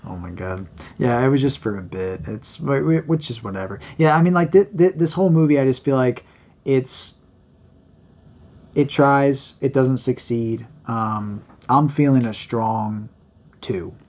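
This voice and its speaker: Podcast guy picking his words, lots of restarts, normal pitched voice. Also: darkish tone. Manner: hedging, restarts often, measured. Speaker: podcast co-host. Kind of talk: casual movie review chat.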